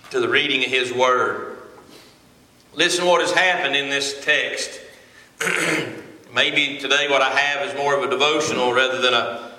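A man in his forties preaching from a pulpit in a folksy, halting way, often pausing on filler sounds. His voice is very bright and ringing. It echoes through the church sanctuary with a long reverb tail. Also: on the high side. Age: 40s. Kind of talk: sermon with a joke opener.

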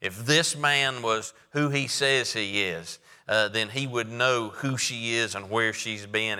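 A man preaching a sermon, reading scripture aloud and explaining it in a measured way with frequent "uh" fillers. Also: fairly low pitch, sharp tone, smooth, big-room sound.

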